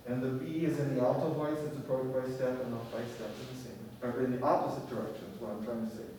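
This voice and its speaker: A man's voice: medium pitch, steady tone, quick pace, warm tone. A man teaching a music theory class, lecturing and often checking in with his students with questions. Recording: echoey classroom from far off, faint noise.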